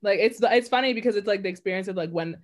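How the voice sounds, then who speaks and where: A young Bahamian woman with a Bahamian accent, chatting casually in a playful, slangy way. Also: medium pitch. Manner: slangy, playful, drawn-out asides. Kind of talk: casual chat.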